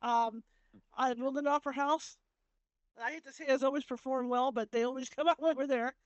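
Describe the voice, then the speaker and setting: A woman podcast host chats about her investigations, rambling with plenty of fillers. Her voice is high, and the sound is dry and close. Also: fairly even intonation, brisk, no echo, muffled recording. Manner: chatty, rambling with many fillers. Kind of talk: casual chat.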